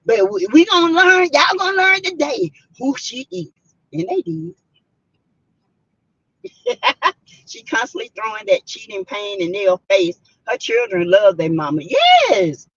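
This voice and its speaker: Middle-aged Southern woman, casual live-stream chat, husky, lively pitch, dull lo-fi sound. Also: dry recording. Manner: emphatic, animated storytelling with loud bursts. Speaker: vlogger reading live chat.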